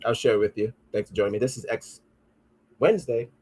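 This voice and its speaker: A man's voice: mid-range voice, fast talker, background noise. A man hosting a podcast, riffing in a casual, profane way and reading comments aloud. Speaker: podcast host.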